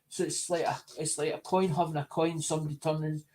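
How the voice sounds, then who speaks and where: A man's voice: fairly high pitch, flat delivery, a little mellow. A man talking casually to his supporters, rambling and often repeating or restarting his phrases. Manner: talks to supporters in an unhurried, chatty way. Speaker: coin collector vlogger.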